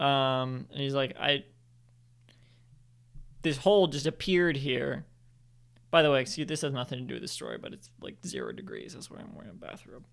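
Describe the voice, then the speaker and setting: A man's voice: medium pitch, vocal fry, fairly bright tone, smooth. A young man at home improvising a story, rambling with lots of fillers and self-corrections. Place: home, indoors.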